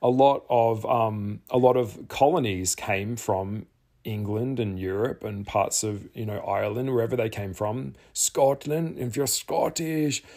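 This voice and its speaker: A man's voice: lowish voice, measured pace, dark tone. An Australian man talking candidly to the camera, earnest and rambling, often repeating phrases for emphasis. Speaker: tarot artist and vlogger.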